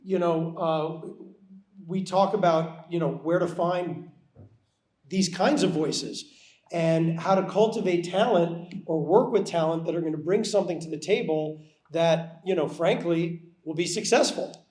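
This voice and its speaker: Male producer on a panel, unusually high voice, relaxed and chatty, echoey hall. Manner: measured, conversational, many "you know" fillers. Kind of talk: festival panel talk. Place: festival venue. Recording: roomy hall sound.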